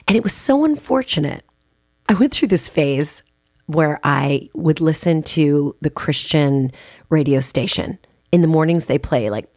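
Woman podcast host, speaking coach; low, gravelly voice, emphatic and chatty, with a dry close sound. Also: a little mellow, no room sound. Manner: emphatic, chatty storytelling with casual asides. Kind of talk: conversational podcast monologue.

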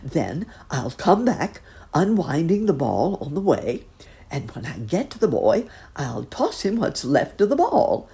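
A woman voicing a kindly old gentleman rabbit who talks in a gentle, musing way. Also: deep voice, big pitch swings, measured pace, full character voice. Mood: thoughtful.

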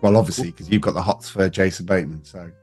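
Man, deeper voice, podcast co-host, wry teasing film chat. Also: fast talker, a little mellow, husky, faint music behind. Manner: teasing, wry, listing facts. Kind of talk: casual film discussion.

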